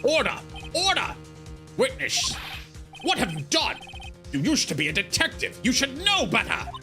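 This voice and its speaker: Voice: sits high, huge pitch swings, normal speed, sharp tone. A co-player of a courtroom game, chatting casually and joking along. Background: game music.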